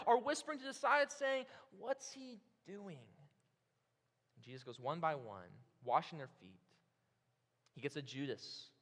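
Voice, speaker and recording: Male preacher, high and bright, animated storyteller, reverberant hall. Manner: animated storytelling, acts out the disciples' reactions. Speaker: pastor. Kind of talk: sermon.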